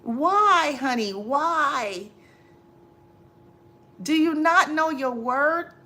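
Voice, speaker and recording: A woman's voice: high-pitched, expressive, extremely slow, sharp tone. A woman hosting a livestream, chatting casually to viewers, exasperated and preachy, repeating herself. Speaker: livestream host. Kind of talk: casual live chat, advice to viewers.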